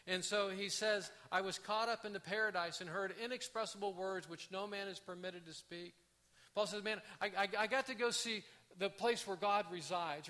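A man preaching a conversational sermon, often restarting his phrases. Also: high voice. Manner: conversational, animated, with frequent restarts. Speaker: pastor.

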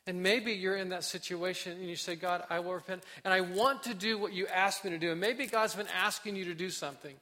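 Male pastor, high bright voice, impassioned sermon delivery with acted-out prayers. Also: fairly even intonation, fairly quick, hardly any pauses. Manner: impassioned preaching, acts out prayers, drops to soft emphasis.

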